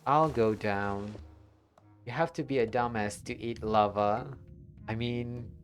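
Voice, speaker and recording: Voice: medium pitch, steady tone, slow pace, soft background music. A streamer giving casual let's-play commentary, chatty, laughing often and answering chat.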